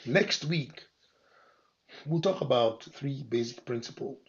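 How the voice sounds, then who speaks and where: A man preaching a sermon as pastor, moving from quiet scripture reading to loud, emphatic declarations. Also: mid-range voice, expressive, slow pace. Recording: dull lo-fi sermon recording.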